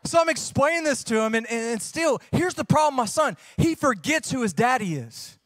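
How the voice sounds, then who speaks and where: A man's voice: very high voice, animated, normal speed, hardly any pauses, fairly bright tone, no room sound. A man, preaching a sermon as a pastor, folksy and joking as he tells stories, then preaching with rising fervor.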